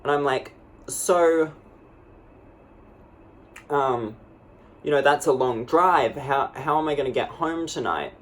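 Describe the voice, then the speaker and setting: A man's voice: fairly high pitch, expressive, slow, pauses often, fairly bright tone. A man playing a young woman vlogger who tells a dramatic storytime, rambling and full of "like". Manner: rambling, lots of "like", breathless and dramatic. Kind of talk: comedic storytime monologue.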